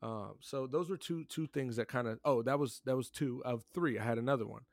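A man's voice: mid-range voice, a little fast, vocal fry, no echo, clean studio sound. A man co-hosting a sports podcast, chatting casually and animatedly, joking and repeating himself. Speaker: podcast co-host.

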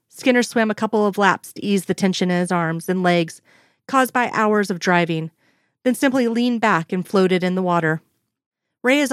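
A woman narrating a piece of fiction in a steady, even storytelling manner. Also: mid-range voice, no echo, clean studio sound.

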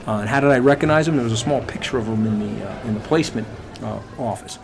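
A middle-aged podcast host speaks fast at medium pitch with some vocal fry, and the recording has a little hiss or hum. He tells a motivational story in an animated, emphatic manner, directly to listeners.

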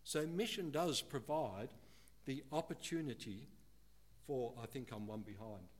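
A male pastor with a medium-pitched voice preaches a sermon in church. He is earnest throughout, slowing down to stress key words and becoming animated when he quotes how people talk.

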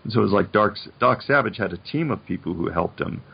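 An older man in his seventies spins long stories in a casual chat, his voice low, husky and full of gravel. The recording sounds dull and slightly lo-fi. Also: expressive, fast. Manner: reflective storyteller, many "you know"s. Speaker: guest, animation producer.

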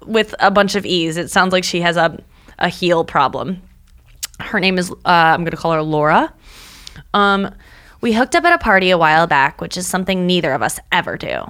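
A young woman co-hosting a casual chat podcast, bubbly and quick to laugh. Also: lowish voice, a bit bright. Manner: bubbly, laughs often, fond of doing impressions. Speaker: podcast co-host.

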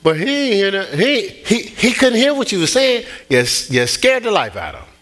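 A middle-aged man preaching a sermon, telling stories in an animated way with many restarts and repeats. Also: sits high, normal speed. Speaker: pastor.

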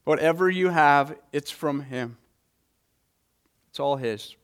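A man's voice: fairly high pitch, slow pace, a bit bright, smooth. Earnest man preaching a sermon. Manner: earnest, repeats words when stressing a point. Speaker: pastor.

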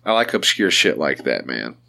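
A man hosting a podcast, talking casually in an animated, profane way. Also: a bass voice, normal speed, gravelly.

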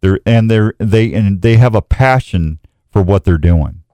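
A man's voice: lowish voice, measured pace, mellow, no room sound. A man hosting a casual radio show, joking and rambling.

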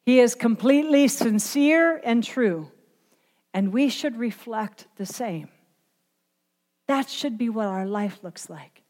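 Woman preacher, sermon, higher-pitched voice, impassioned, long echoing reverb. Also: expressive, takes it slowly. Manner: impassioned, swinging from quiet to shouting.

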